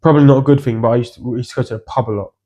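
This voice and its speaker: A man's voice: mid-range voice, steady tone, rapid-fire, warm tone. A young man in casual podcast chat who laughs often and tells stories animatedly.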